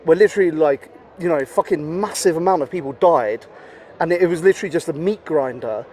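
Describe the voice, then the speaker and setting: Here a man speaking as a podcast guest wanders through relaxed talk, packing in "you know" and "like" and cursing without hesitation. His slightly high, slightly mellow voice moves a little fast.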